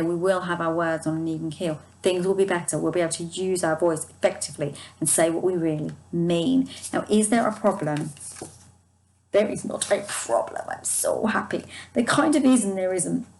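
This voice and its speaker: On a rough recording, a woman with a fairly low, darkish voice gives her viewers a casual tarot reading. She sounds soothing and reassuring, often stopping and restarting sentences, and talks about angels guiding her.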